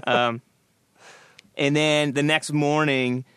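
A man's voice: fairly high pitch, extremely slow, clear, resonant tone, dry recording. A middle-aged man, a guest musician, telling stories in a podcast interview and acting out the people he quotes. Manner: animated storyteller acting out quoted voices.

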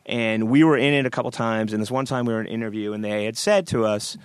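A man's voice: on the low side, quick pace, clean tone, no room sound, studio quality. A middle-aged man, a guest musician, telling stories in a podcast interview and acting out the people he quotes. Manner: animated storyteller acting out quoted voices.

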